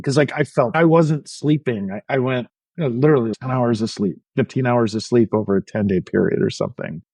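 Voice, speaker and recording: A man's voice: mid-range voice, a little fast, few pauses, a little mellow, no room sound, rough recording. A middle-aged man telling his own story as a podcast guest, frank and self-deprecating, with frequent restarts. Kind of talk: candid personal storytelling.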